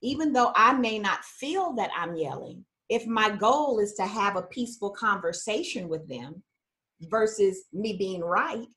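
A woman speaks very slowly and deliberately in a calm, thoughtful way. Her pitch sits in the middle of the usual range. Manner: slow, thoughtful. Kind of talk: casual conversation.

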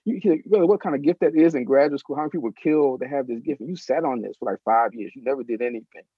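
A middle-aged man in a casual interview, telling an anecdote in an animated way and acting out the voices of people in it. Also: mid-range voice, fast talker, breathy edge, dry recording. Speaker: interview guest. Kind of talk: casual storytelling. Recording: slightly muffled dry recording.

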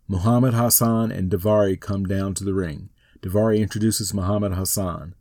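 Deadpan man reading a wrestling recap. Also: lowish voice, no room sound. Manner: dry, matter-of-fact reading.

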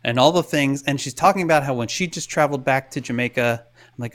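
A man's voice: mid-range voice, fast talker. Chatty man telling a story. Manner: animated, acts out quotes with hushed asides. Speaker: podcast co-host. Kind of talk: casual storytelling chat.

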